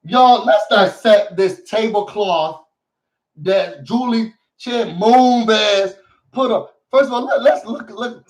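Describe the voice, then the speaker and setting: A man with a notably high voice runs a casual recap vlog with sassy, theatrical flair, calling out to his viewers. He sits a little back from the mic, so his voice sounds somewhat distant. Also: takes it slowly. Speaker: show recap host.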